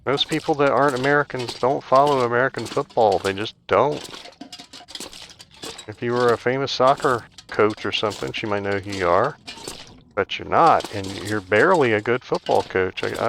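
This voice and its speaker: A man's voice: medium pitch, moderate pace, vocal fry, a bit bright, a little hiss or hum. A man hosting a gaming video, telling a rambling, chatty story while he plays, full of "like" fillers. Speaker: gaming channel host. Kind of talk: casual storytelling over gameplay.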